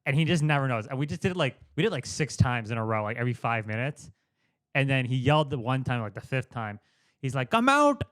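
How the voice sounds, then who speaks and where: Smooth-voiced young man in studio chat. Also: mid-range voice, quick pace, no echo. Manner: relaxed, chatty, laughs along. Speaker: podcast co-host. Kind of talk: casual chat. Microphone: studio microphone.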